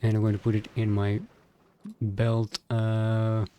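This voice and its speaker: A man's voice: lowish voice, completely flat delivery, takes it slowly, dark tone, slight background noise. A man streaming a factory game, thinking aloud in a loose, rambling way and swearing now and then. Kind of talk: casual gameplay commentary.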